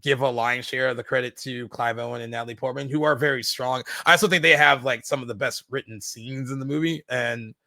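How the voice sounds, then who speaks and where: A man co-hosts a film podcast in easy conversation, his tone bright and forward. He keeps circling back with fillers and restarts as the thoughts come, and the sound is close and dry with no room around it. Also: mid-range voice, fairly even intonation, brisk, vocal fry, few pauses, no echo. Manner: enthusiastic, many "like" fillers and restarts. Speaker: podcast co-host. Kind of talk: casual film discussion.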